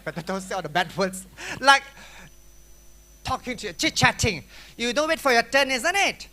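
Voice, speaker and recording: A woman with a Malaysian English accent lecturing students at an exam-preparation workshop, animated and playful, acting out chatter with sound effects. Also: a little high, fairly quick. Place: school hall.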